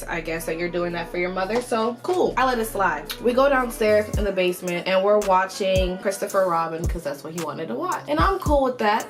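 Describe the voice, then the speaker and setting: A young woman talks through a casual storytime as a beauty vlogger, chatty and animated, with "like" dropped into nearly every sentence. Her voice sits at an ordinary middle pitch for a woman. Music plays clearly behind her. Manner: chatty, animated, heavy use of "like". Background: background music.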